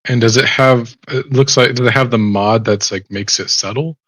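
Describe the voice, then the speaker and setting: A man's voice: mid-range voice, steady tone, moderate pace, fairly bright tone, no room sound. A man playing a tabletop game, chatting casually and asking about the rules. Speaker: player.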